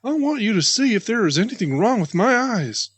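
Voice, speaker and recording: A man voicing an eager young male muskrat who calls out excitedly in a storybook reading. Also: high-pitched, brisk, breathy edge, voice pushed up, full character voice. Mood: insistent. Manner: excited, calling out.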